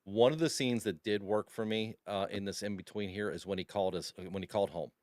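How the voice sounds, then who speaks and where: A man's voice: lowish voice, fast talker, a little mellow, no room sound. A man co-hosting a podcast, chatting in a rambling way and laughing often. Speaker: podcast co-host. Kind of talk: casual chat.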